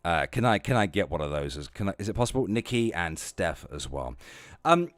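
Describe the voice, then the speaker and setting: A man chatting casually on a livestream, profane and rambling, jumping between loud outbursts and low muttering. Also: very animated, fairly quick, dry recording, studio quality.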